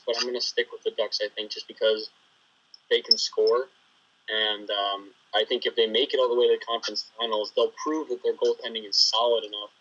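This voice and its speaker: A man's voice: medium pitch, bright, forceful tone. A man co-hosting a casual sports podcast, talking things through with frequent restarts. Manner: hesitant, restarts his thoughts. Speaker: podcast co-host. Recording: dull lo-fi mic.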